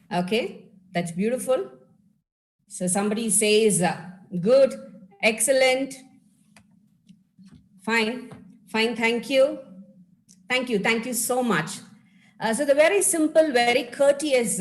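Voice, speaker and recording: A woman's voice: a little high, poor audio. A woman from India, a life skills speaker, giving a live webinar talk over a video call and encouraging her audience as friends.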